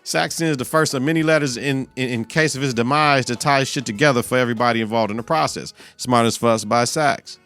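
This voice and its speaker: A man's voice: medium pitch, brisk, hardly any pauses, faint music behind. Profane man recapping an episode. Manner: profane, animated, acts out quotes in voices. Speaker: podcast host.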